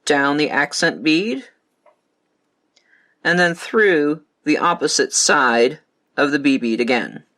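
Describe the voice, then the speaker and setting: A man leads a craft tutorial, walking through each step in a calm, methodical way. His voice sits a little high and sounds bright and clear, and the pace stays even throughout. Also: slow, pauses often. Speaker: beading instructor.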